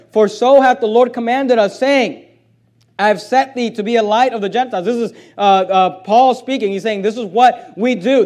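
A man's voice: very high voice, darkish tone. A man preaching a sermon as pastor, reading scripture aloud and building to emphatic, raised passages.

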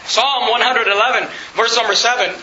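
A man's voice: extremely high pitch, steady tone, a little fast, pushed and bright, a little hiss or hum. A man preaching a sermon, emphatic and repetitive, quoting scripture and putting questions to the congregation. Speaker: pastor. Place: church sanctuary. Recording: echoey, dull sanctuary recording.

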